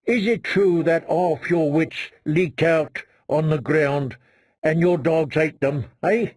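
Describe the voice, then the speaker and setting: A man voicing a gloomy, dour watchman who drawls slowly and ends his lines with "eh?". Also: a little high, a little mellow, no echo, studio quality, pitched above the performer's own voice. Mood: dry mocking. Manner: mournful drawl, tags lines with "eh?".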